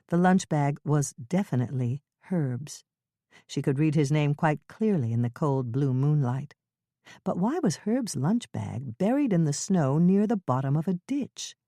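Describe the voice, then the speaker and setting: A woman narrating a mystery audiobook in an expressive, suspenseful style. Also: low voice, no echo, studio quality. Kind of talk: scripted narration.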